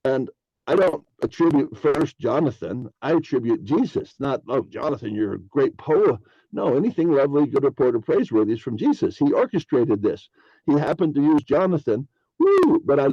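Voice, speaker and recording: A man's voice: mid-range voice, mellow, dry recording, lo-fi sound. A man hosting a podcast, rambling through a casual spiritual monologue and acting out imagined dialogues in a raised voice. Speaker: podcast host.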